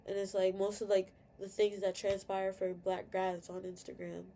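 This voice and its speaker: A woman's voice: medium pitch, level tone, normal speed, mellow, slight background noise. A young woman venting candidly in a personal video rant, full of fillers and swearing, tearful at times. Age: young adult. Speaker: vlogger.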